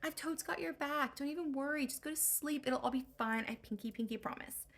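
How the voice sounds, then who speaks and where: A woman's voice: sits high, fairly quick, a bit bright. A woman voicing a bossy, slangy valley-girl goddess who waves off worries with a sigh and reassures a hero. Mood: breezy. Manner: slangy, dismissive sighs.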